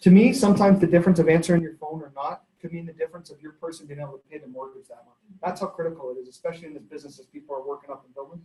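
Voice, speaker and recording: A man, a company head giving a sales training in a lively, storytelling way. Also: on the high side, racing, few pauses. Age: 30s. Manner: energetic, conversational, storytelling with laughs. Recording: echoey room.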